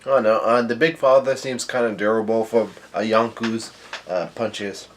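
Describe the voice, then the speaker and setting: A man's voice: on the low side, fairly even intonation, normal speed, a little hiss or hum. A man giving a casual recap of a comic chapter, reading hesitantly with frequent stalls and restarts. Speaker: manga reaction YouTuber.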